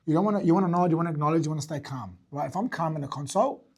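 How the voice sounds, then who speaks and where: A man teaching sales to a group, talking fast and blunt with a slightly husky voice pitched a little high. He swears casually and keeps checking in with his listeners. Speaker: fitness business owner and sales coach. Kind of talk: teaching talk to an audience.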